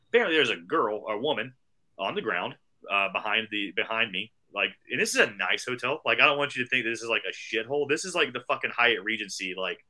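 A man co-hosting a podcast, telling a long, profane story casually and acting out the quoted voices of the people in it. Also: on the low side. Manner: fast, animated, acts out quoted voices. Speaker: podcast co-host.

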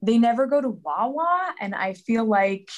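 A woman in her thirties from the Philadelphia area, a singer chatting as an interview guest over a video call, animated and quick to laugh. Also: fairly high pitch, highs cut off. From Philadelphia area, USA. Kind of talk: casual interview chat.

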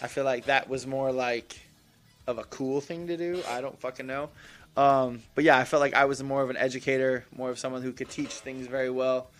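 A man's voice: mid-range voice, level tone, fairly quick. A young man chatting casually as a show regular, telling stories in a laid-back, giggly, profane way. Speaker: tattoo artist, cast member. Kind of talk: casual chat.

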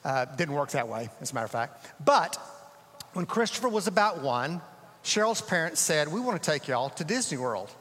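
A middle-aged man, a pastor telling stories in a sermon, swinging from dramatic rises to hushed drops. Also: fairly high pitch, very animated, normal speed. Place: large church sanctuary. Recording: reverberant church hall.

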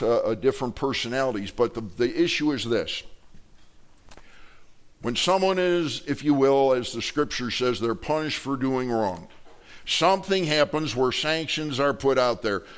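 A male pastor preaching from the pulpit in a middle-pitched voice. He talks in a loose, conversational way, stumbling over his words and restarting them. He slips jokes to the congregation between points. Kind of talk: sermon. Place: church sanctuary.

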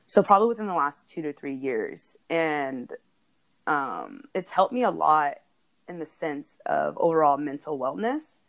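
Low-pitched woman on a podcast, chatting casually, heartfelt, laughing a lot. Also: big pitch swings, measured pace, vocal fry. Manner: earnest and heartfelt, often laughing. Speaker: podcast co-host.

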